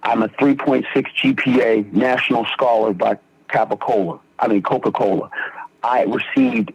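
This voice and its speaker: A young man from Philadelphia tells his recovery story as a podcast guest. His voice is husky and mid-pitched, and he acts out the people he quotes. The recording sounds dull and lo-fi. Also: steady tone, moderate pace. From Philadelphia, Pennsylvania.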